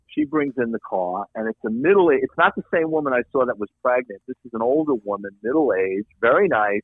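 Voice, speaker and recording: Guy telling cop stories, swears a lot, voice jumps all over, kinda husky, sounds like a phone line. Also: medium pitch, fairly quick, no echo. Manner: animated, profane, acts out the people in his story. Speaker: guest, former police detective. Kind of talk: casual storytelling.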